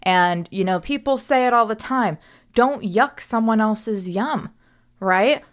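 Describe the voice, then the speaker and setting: A woman's voice: fairly high pitch, slow pace. A young woman hosting a reflective solo podcast as a coach, speaking earnestly and often checking in with "right?".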